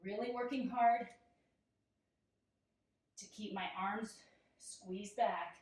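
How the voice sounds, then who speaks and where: A young woman guides a yoga workout while doing it herself, breathless from the effort and quick to laugh at her own struggles. Her mid-pitched voice sits a few steps from the mic and bounces around a very echoey room. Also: fairly even intonation, darkish tone, recorded from a distance. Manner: giggly, self-deprecating, chatty. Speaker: yoga instructor. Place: room, instructor moving on a mat. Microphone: camera mic at a distance.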